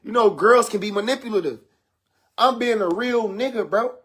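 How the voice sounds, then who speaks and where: A man's voice: sits high, moderate pace, a bit bright, breathy edge. A father telling his own story in casual, blunt street slang, acting out quoted talk with his daughter, played from a video. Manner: blunt street slang, addresses listeners as bro.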